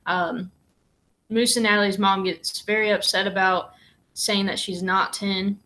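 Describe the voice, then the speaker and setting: A woman reads a novel aloud in a plain, steady storytelling voice. She stops now and then for a short, easy aside to the listener. Her pitch sits in an ordinary middle range. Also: measured pace, a little hiss or hum. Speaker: reader and commentator.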